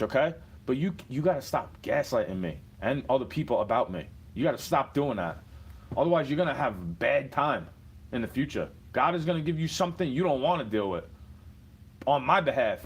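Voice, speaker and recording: A man's voice: on the high side, slightly rough. A man delivering a rambling, profane, aggrieved rant to the camera. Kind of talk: ranting monologue.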